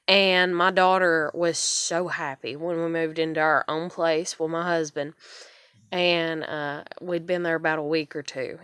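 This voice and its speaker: A woman's voice: sits low, fairly bright tone, clean tone, no room sound, clean studio sound. A woman in her thirties telling her own story in a rambling vlog, swearing often, with plenty of fillers and restarts. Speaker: vlogger. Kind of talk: casual personal storytelling.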